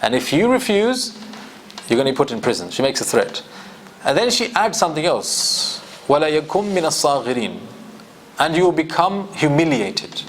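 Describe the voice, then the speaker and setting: A man gives a classroom lecture on scripture, his fairly high voice moving a lot as he explains each point and puts questions to the students. A faint hiss sits under the recording. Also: sing-song, fast. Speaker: Quran teacher.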